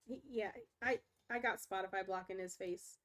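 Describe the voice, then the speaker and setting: A woman's voice: mid-range voice, fairly even intonation, moderate pace, a bit bright. A young woman streaming from home, chatting casually with viewers and talking baby talk to her dogs. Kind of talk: casual live-stream chat.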